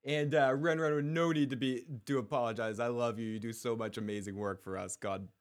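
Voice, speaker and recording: A man co-hosting a casual podcast recap, excitable and swearing freely, often stumbling and restarting his sentences. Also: mid-range voice, fairly quick. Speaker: podcast co-host.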